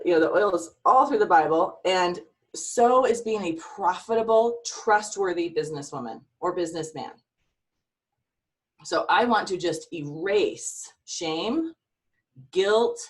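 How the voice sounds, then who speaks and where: A woman's voice: mid-range voice, far from the mic. A middle-aged woman life coach giving an earnest, emotional, faith-filled pep talk to a team over a video call.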